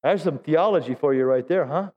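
A middle-aged man leads a Pentecostal sermon in a church, pitching his voice high as he urges the congregation to answer him. He breaks up the exhortation with jokes at his own expense. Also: fairly quick, narrow, tinny audio. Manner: exhorting, calls for audience response; self-deprecating humor. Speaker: pastor. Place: church sanctuary.

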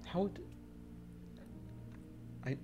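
A man's voice: extremely slow, dull audio, over music. A man hosting a casual podcast chat, joking around, laughing often and stumbling over restarts. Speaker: podcast host.

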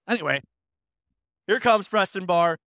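Smooth-voiced upbeat draft show host. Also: male voice, high-pitched, expressive, measured pace, fairly bright tone, dry recording, studio quality. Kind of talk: casual show banter.

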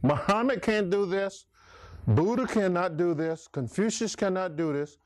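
A man's voice: sits high, expressive, measured pace, no room sound. A man preaching a sermon, emphatic, calling out listeners by name. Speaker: pastor.

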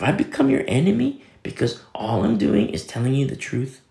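In an echoey room, a man delivers a sermon as a pastor, weaving scripture readings and quotes into a relaxed, story-driven talk. His pitch is medium but swings widely, and his creaky, slightly mellow voice moves at a normal speed.

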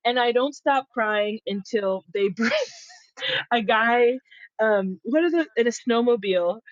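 Unhurried and on the high side, this young Connecticut woman's voice comes through a muffled recording with no room sound. As a podcast guest, she tells a funny childhood story with lots of laughs, animatedly acting out what her younger self said.

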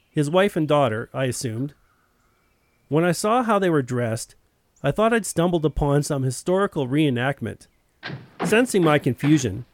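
A man's voice: on the high side, no room sound. A man telling a first-person story in a plain, wry narrating voice.

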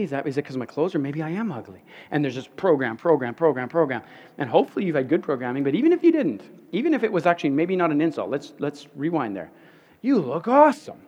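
A man, a pastor, giving an earnest, conversational sermon, often dropping to soft, quiet stretches and repeating words. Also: on the high side.

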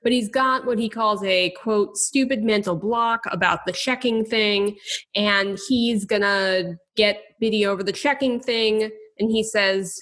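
A woman co-hosting a podcast, casually recapping a comic in a steady, chatty way with occasional wry asides. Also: mid-range voice, unhurried. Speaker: podcast co-host.

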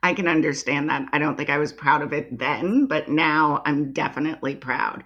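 A woman's voice: sits low, normal speed, a bit bright, lo-fi sound. A woman host asking a storyteller friendly, curious questions after her story.

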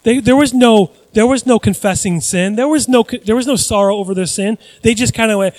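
Animated high-voiced male pastor preaching. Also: a little fast, hardly any pauses, no room sound, poor audio. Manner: animated, shifting between loud emphasis and quiet asides; acts out quoted voices. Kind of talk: sermon.

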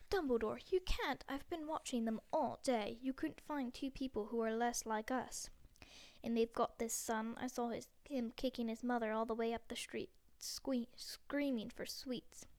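A woman's voice: fairly high pitch, steady tone, normal speed, a little mellow, lightly acted. A woman voicing a stern older female witch professor, her voice trembling and pleading, at times half-whispered, in a storybook reading. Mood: alarmed.

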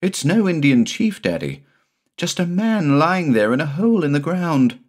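An excited, breathless little boy who pleads in a high, rising voice, as a man reading aloud puts him on. His lines swing up and down eagerly, and he is audibly out of breath. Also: normal speed. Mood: excited pleading.

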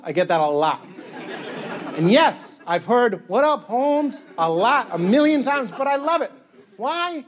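A man performing stand-up comedy on stage, animated and goofy, breaking into shouted bits. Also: high-pitched. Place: comedy stage before a live audience. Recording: live audience laughter.

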